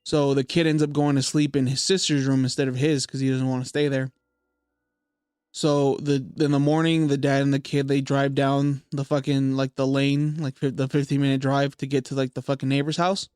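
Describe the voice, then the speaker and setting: A man's voice: mid-range voice, level tone, moderate pace, a little mellow, smooth, no echo, studio quality. A young man hosting a podcast, casually retelling a spooky story with lots of fillers and swearing. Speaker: podcast host.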